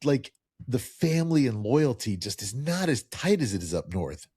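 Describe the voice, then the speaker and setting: A man's voice: medium pitch, big pitch swings, moderate pace, mellow, slightly rough, no echo, clean studio sound. Chatty man with a faint Jersey accent. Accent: faint New Jersey. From New Jersey. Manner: rambling storyteller, many restarts. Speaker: podcast host. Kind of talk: casual interview chat.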